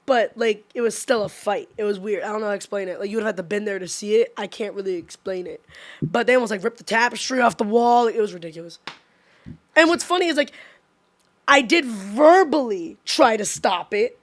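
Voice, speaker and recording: A woman's voice: mid-range voice, fairly quick. A young woman telling a story in casual podcast chat, chatty and laughing often, with lots of "like".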